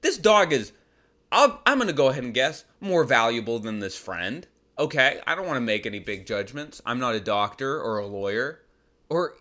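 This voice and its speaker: A man's voice: mid-range voice, pushed and bright. A young man hosting a comedy advice podcast, reading listener questions and ranting back in disbelief with rhetorical questions. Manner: incredulous, exasperated rants with rhetorical questions.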